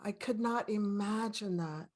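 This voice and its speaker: A woman's voice: mid-range voice, unhurried, a little mellow. A woman in her sixties hosting an interview in a casual, enthusiastic way, often laughing. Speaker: host.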